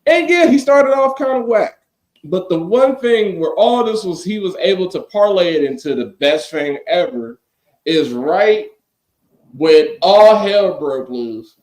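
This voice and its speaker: A man co-hosting a casual podcast chat, talking in animated, profane rants and quoting people in mock voices. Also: high-pitched, measured pace. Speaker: podcast co-host.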